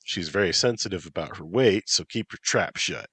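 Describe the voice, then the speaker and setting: A man's voice: deep voice, animated, moderate pace, fairly bright tone, husky, no room sound, exaggerated voice. A man voicing a blunt, dry-witted female yokai aide in a storybook reading. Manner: dry, blunt advice-giving.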